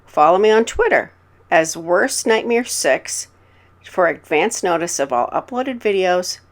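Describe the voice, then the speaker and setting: A woman narrating horror stories for her channel in a calm, measured way. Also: fairly low pitch, poor audio.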